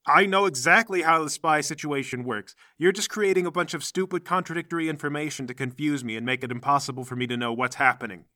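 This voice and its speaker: A man puts on a haughty noblewoman with a bright, forceful edge, pitched a little high and dry. She is pompous and demanding, and quick to threaten anyone who crosses her. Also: no echo. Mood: exasperated.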